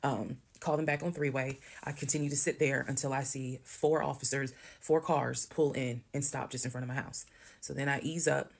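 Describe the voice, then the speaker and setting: Very low, gravelly woman telling a story. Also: fairly even intonation, normal speed. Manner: conversational, blunt, swears while retelling. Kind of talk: casual storytime monologue.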